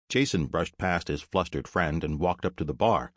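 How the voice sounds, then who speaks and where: A man narrating a story as an audiobook in a steady storytelling manner. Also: very deep voice, brisk, dry recording, clean studio sound.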